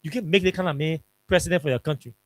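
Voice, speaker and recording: A middle-aged man with a Liberian English accent, hosting a talk show and telling a political story in an animated, repetitive, emphatic way. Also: on the high side, racing, dry recording. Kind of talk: political commentary monologue.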